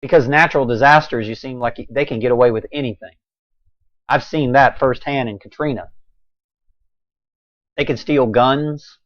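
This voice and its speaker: A man delivering a preachy, impassioned monologue, swinging between a raised voice and quiet intensity. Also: mid-range voice, normal speed, pauses often, no room sound, dull audio. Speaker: video blogger.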